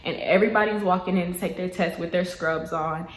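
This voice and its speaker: A woman's voice: on the low side, steady tone, fairly quick, reverberant, a little hiss or hum. A young woman telling her own story in a casual vlog, chatty and full of "like" and "y'all," close to tears. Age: young adult. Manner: chatty, heavy use of "like" and "y'all". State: tearful, holding back crying. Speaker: vlogger.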